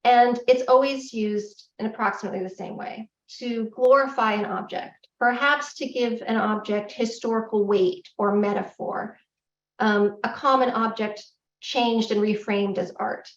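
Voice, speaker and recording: Woman giving a talk, kinda high voice, candid and animated, distant dull sound in an echoey hall. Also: a little slow. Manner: candid, self-deprecating, animated. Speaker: lecturer. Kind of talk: public lecture. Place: lecture hall.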